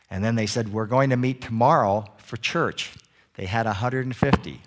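A man preaching a sermon as a guest preacher, telling animated stories and joking with the congregation. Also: fairly low pitch. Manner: animated storytelling, acts out little scenes; jokey with the congregation.

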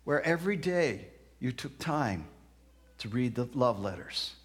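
A man preaching a sermon, telling stories and acting out the people in them, moving between soft, slow passages and loud outbursts. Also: mid-range voice, very animated. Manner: dramatic, acts out quoted voices, swings from soft to loud. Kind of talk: sermon with storytelling.

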